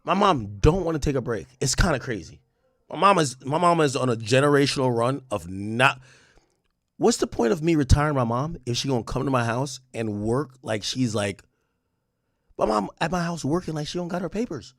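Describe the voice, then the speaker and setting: Animated man chatting to his stream. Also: mid-range voice, normal speed, dry recording, clean studio sound. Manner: animated storytelling with slang and profanity. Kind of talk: casual chat with a livestream audience.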